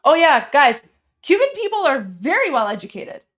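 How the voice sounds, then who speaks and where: High-voiced gushing woman livestream host. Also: normal speed. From Iran. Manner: gushing and excitable, many repeated phrases; addresses viewers as guys. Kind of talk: casual livestream chat.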